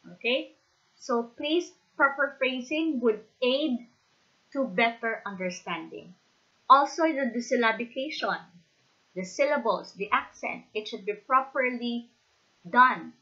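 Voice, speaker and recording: A woman with a Filipino accent lectures in a bright, fairly high voice, stressing her points and pausing to ask "okay?" The recording is a bit dull and lo-fi. It sounds like a teacher giving a practical training talk. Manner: emphatic, repeats "okay?" to check understanding. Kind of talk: instructional lecture.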